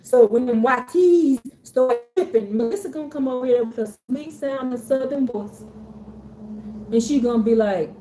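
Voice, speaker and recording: Woman, high voice, casual faith talk to her group, animated and preachy, lots of slang and repetition. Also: moderate pace, echoey room. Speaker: faith community speaker.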